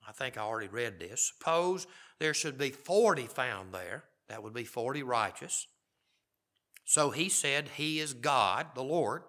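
A man's voice: mid-range voice, lively intonation, measured pace, bright, forceful tone. A middle-aged man preaching a sermon, reading scripture aloud and commenting on it in a conversational way. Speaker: pastor.

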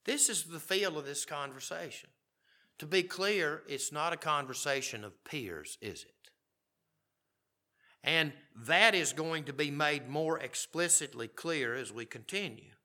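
Bright-voiced male preacher. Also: a little high, measured pace. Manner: reads scripture aloud and comments conversationally. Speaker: pastor. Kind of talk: sermon.

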